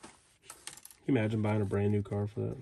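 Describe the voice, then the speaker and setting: A man with a mellow, warm voice reads old advertisement headlines aloud in short bits. He drops casual asides between them, like someone leafing through pages at home. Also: on the low side, little pitch movement, normal speed, gravelly, slight background noise. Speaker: reseller flipping through old magazine ads. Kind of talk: casual commentary reading old ads aloud.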